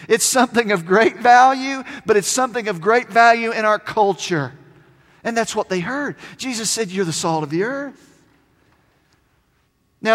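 A man preaching a sermon as pastor, stressing key words by slowing down and pausing. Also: high voice, big-room sound. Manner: emphatic, slows down on key words.

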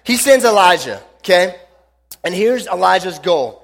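A youth pastor with a high, gravelly, fairly bright voice and big pitch swings preaches a casual sermon to teens in a church hall at a moderate pace. He's jokey and chatty, packing his talk with slang fillers, and the hall gives a long reverb.

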